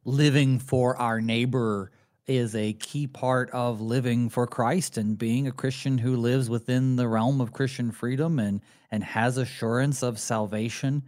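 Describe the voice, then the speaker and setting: A man's voice: medium pitch, fairly even intonation, measured pace, darkish tone, no echo, clean studio sound. A man, a pastor hosting a talk show, speaking in a reflective, candid way with some fillers. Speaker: pastor and radio host. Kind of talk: conversational theology discussion.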